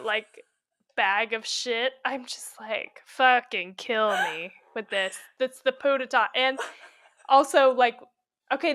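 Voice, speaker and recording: A woman's voice: fairly high pitch, a bit bright. A woman co-hosting a podcast in casual chat, blunt and sarcastic, swearing freely. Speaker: podcast co-host.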